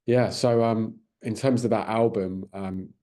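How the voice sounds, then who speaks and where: A man's voice: fairly low pitch, steady tone, a little slow, warm tone. A British man interviewing, polite and hesitant with many ums. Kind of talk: casual interview.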